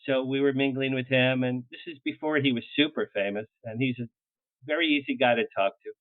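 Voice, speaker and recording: An older man, a publicist guest, telling anecdotes in an interview with lively energy, laughing as he tells them and acting out what people said. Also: mid-range voice, a little fast, dry recording. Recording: tinny phone-like line, dry.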